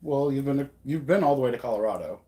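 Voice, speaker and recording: Speaking fast with lively intonation, this American stream host has a warm, mid-range voice. He chats casually and rambles, leaning heavily on fillers.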